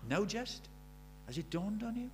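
A man's voice: high voice, very animated, a little slow, a little mellow, a little hiss or hum. A man in his seventies preaching a sermon, pressing his congregation with earnest rhetorical questions. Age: 70s. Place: church.

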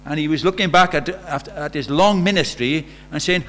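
A man's voice: fairly high pitch, moderate pace, hardly any pauses, fairly bright tone. A man preaching a sermon in a conversational way, asking the congregation rhetorical questions. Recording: faint mains hum.

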